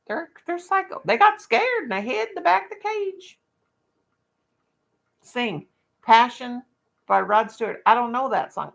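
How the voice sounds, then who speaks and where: An older woman with a deeply gravelly, crackly voice rambles on in blunt, folksy chat. She talks to her viewers and her pet birds while she counts her crochet stitches aloud. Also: fairly bright tone. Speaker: livestream vlogger.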